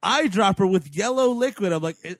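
High lively man riffing and laughing. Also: normal speed, slight background noise. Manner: laughs often, riffs into silly bits. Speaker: podcast co-host. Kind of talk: casual comedic movie chat.

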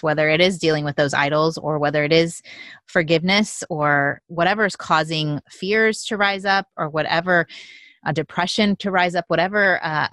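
A woman's voice: sits low, a bit bright, no echo, studio quality. A woman hosting a faith podcast interview, affirming her guest with frequent agreement. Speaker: podcast host.

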